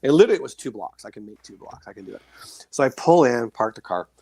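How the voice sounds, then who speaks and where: A man being interviewed as a guest, telling rambling, animated anecdotes full of fillers and restarts. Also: mid-range voice, quick pace, husky, no echo. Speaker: guest author sharing paranormal experiences. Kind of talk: casual storytelling interview.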